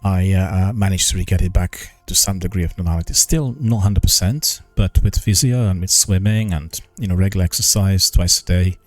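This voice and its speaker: An older man talking on a live stream, slow and halting, with many pauses and restarts, careful formal pronunciation. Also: sits low, no echo. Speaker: gaming news streamer. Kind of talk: casual live-stream chat.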